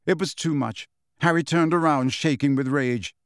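A man's voice: fairly high pitch, normal speed, clear, resonant tone, dry recording, clean studio sound. A man narrating a fantasy novel as an audiobook, reading expressively.

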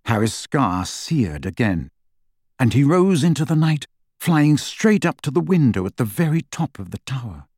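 A man narrating a fantasy audiobook in a dramatic, expressive reading. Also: medium pitch, no room sound, studio quality.

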